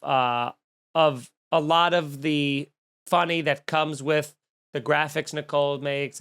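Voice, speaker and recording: A man in his thirties with a high-pitched voice, hosting a comedy podcast. He tells a long travel story in a snarky, animated rant, jumping into the voices of the people he met. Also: smooth.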